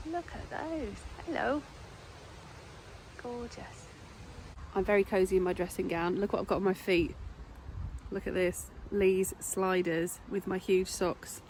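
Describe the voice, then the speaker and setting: A woman's voice: on the low side, little pitch movement, normal speed, darkish tone, slight background noise. Chatty woman vlogging at home. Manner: chatty, talks straight to viewers. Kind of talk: casual vlog chat. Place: home and garden greenhouse.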